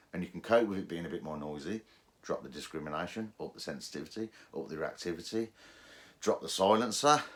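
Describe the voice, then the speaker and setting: Low-voiced man explaining detector settings. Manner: chatty, restarts and fillers, mimics detector tones. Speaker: metal detecting presenter. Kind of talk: casual how-to explanation.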